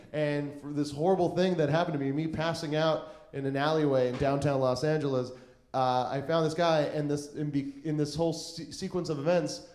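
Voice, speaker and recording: A man's voice: medium pitch, darkish tone, roomy sound. A young man telling a rambling stand-up story on a comedy stage, full of fillers and acted-out quotes.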